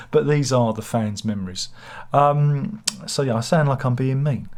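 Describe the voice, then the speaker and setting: A man's voice: mid-range voice, slow, a little mellow. A man, hosting a casual book review channel, rambling with sardonic, self-mocking humor. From England.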